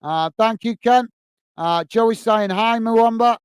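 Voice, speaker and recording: A male livestream host with a very high voice takes it slowly as he reads viewer comments from the chat during a live football watch-along. His replies are casual, friendly, and chatty. There is slight background noise.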